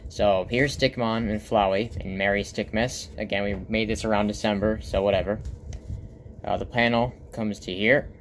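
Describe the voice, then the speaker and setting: Raspy guy rambling about his comic. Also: on the low side, fairly even intonation, normal speed, slight background noise. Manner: rambling, many fillers and restarts. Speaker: comic artist and vlogger. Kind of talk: casual show-and-tell.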